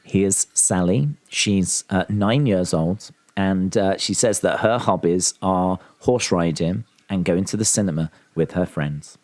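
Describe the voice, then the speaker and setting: A cheesy male beauty-pageant announcer who introduces contestants in a lowered, slow, showy presenter voice, done as a bit by a man. The delivery is unhurried and deliberately grand. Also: a little mellow, no echo.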